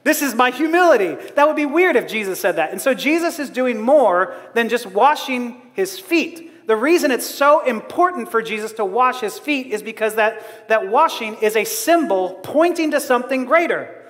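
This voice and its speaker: A man's voice: extremely high pitch, lively intonation, normal speed, few pauses, fairly bright tone. A man preaching a sermon in a humorous, self-deprecating way, laughing often. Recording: long hall reverb.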